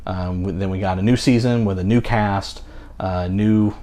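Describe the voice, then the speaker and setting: A man's voice: low-pitched, fairly even intonation, moderate pace, dark tone. A man in his thirties co-hosting a podcast in casual chat, rambling with many fillers and restarts. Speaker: podcast co-host.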